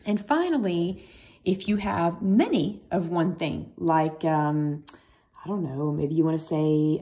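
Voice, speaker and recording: A woman's voice: deep voice, slow pace, mellow. A woman teaching a recorded French lesson, chatty and reassuring, thinking aloud as she explains.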